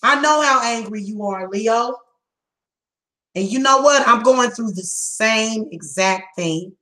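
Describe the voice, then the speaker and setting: A woman giving a psychic reading, speaking bluntly and emphatically, heated and repetitive, slowing down to stress her words. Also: on the high side, sharp tone, rough recording. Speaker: psychic reader. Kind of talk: tarot reading monologue.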